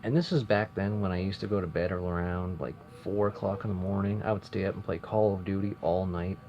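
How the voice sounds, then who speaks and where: A man's voice: deep voice, fairly even intonation, brisk, warm tone. A young man rambling casually through a story from his old job, chatty and self-interrupting. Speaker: vlogger. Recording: dull lo-fi sound with faint noise.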